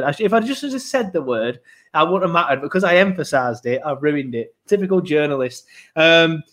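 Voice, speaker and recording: A man hosts a casual football podcast, chatting in a jokey, rambling way full of fillers and restarts. His voice sits a little higher than most men's. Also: lively intonation, moderate pace. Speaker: podcast host.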